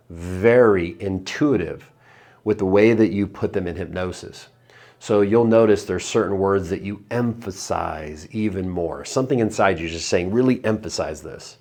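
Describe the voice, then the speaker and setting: Man teaching hypnosis in a lowish voice. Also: darkish tone. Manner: drops into slow low trance voice for suggestions; conversational, upbeat between demonstrations. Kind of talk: video lesson with guided breathing demo.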